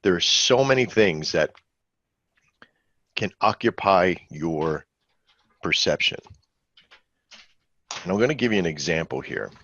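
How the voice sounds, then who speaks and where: A man's voice: low-pitched, lively intonation, unhurried, pauses often, fairly bright tone, highs cut off. A man hosting a live trading webinar, talking in a rambling, conversational way and quizzing his audience. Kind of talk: casual live webinar teaching.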